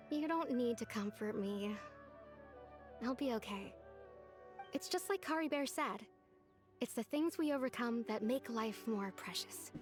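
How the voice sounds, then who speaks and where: A heartbroken young woman in a video game, talking wistfully and with quiet resignation as she tries to stay brave. Her voice sits fairly high, and soft music plays faintly underneath. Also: animated, unhurried, pauses often. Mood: resigned.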